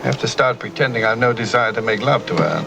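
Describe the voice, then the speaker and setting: An actor playing a suave man wrongly hunted by spies, brisk and wry, from a noisy old film soundtrack. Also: mid-range voice, lively intonation, vocal fry, over music. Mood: smooth.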